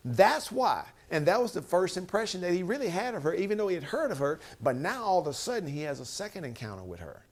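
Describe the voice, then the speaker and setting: A man's voice: sits high, quick pace, few pauses. A man giving a motivational, sermon-style talk, retelling a Bible story and acting out the quotes with emphatic bursts. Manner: animated, acts out quotes, rising to emphatic bursts; Bible storytelling with conversational asides. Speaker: speaker.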